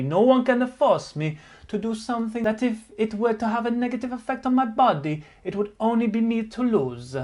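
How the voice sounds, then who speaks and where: A swaggering male cyclist with a high, showy voice. A man reads the part in a mocking way, dropping in interjections with over-the-top bravado. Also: darkish tone. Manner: mocking, exaggerated delivery with Italian interjections. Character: brash male Italian cyclist, boastful and defiant.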